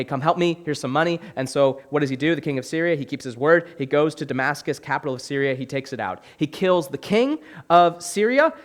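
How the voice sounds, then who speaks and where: Young adult male pastor, slightly high voice, animated sermon delivery with questions to the room. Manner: animated preaching, asks the audience questions.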